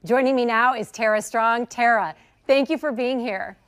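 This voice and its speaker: A woman's voice: a little high, normal speed, fairly bright tone, clear, resonant tone, no echo. A woman hosting a TV interview, upbeat and conversational. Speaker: TV interview host.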